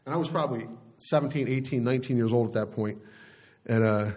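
A man's voice: medium pitch, fast, a little mellow. A middle-aged man preaching a sermon as pastor, speaking in a conversational, folksy way with frequent restarts.

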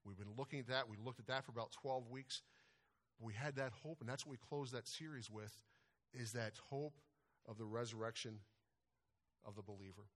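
A man's voice: medium pitch, moderate pace, fairly bright tone. A man preaching a sermon as a church pastor, plainspoken, often repeating words as he searches for them.

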